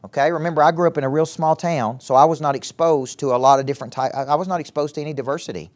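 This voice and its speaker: A middle-aged man with a Southern US accent giving a live motivational talk to young people, animated and often asking the audience questions. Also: a little high, racing. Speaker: motivational speaker and former coach. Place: event hall with a live audience.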